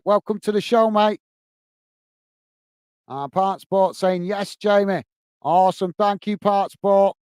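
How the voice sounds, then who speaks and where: A man hosting a football watch-along, commentating on the match and chatting warmly with viewers in the chat. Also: sits high, clean tone, dry recording. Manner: chatty, says "mate" a lot, reads chat messages aloud.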